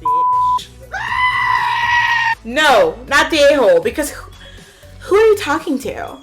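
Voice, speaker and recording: A woman reading online posts aloud and reacting to them, with animated, sassy outbursts and big jumps in pitch. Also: normal speed, shouting, faint music behind. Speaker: YouTuber.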